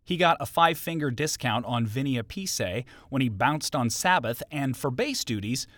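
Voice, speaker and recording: Wry male podcast host, lively pitch. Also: moderate pace, no room sound, studio quality. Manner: wry, joke-filled storytelling. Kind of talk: scripted podcast narration.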